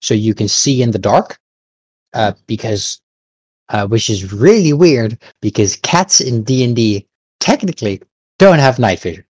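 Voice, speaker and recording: A man running a tabletop game as game master, patiently explaining the rules with many pauses and fillers. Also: medium pitch, very animated, a little mellow, husky, dry recording.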